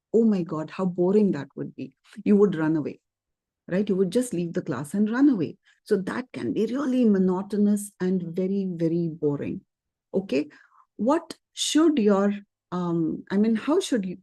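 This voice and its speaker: A woman's voice: medium pitch, dry recording. A woman teaching an exam speaking class in a webinar, talking conversationally with lots of "okay" and "you know". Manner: conversational, lively intonation with frequent fillers and "okay". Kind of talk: webinar lesson.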